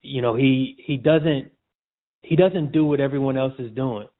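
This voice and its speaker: A man, a sportswriter guest, telling stories in a relaxed, slangy way during a casual interview. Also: medium pitch, moderate pace. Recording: tinny phone-like audio.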